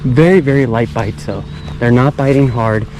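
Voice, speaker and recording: A man's voice: mid-range voice, normal speed, a little mellow, poor audio. Young man, casual fishing vlogger, chatty and repetitive, outdoors by a pond, action-camera mic, faint background noise. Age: young adult. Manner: laid-back, repeats phrases, chatty. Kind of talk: casual vlog commentary.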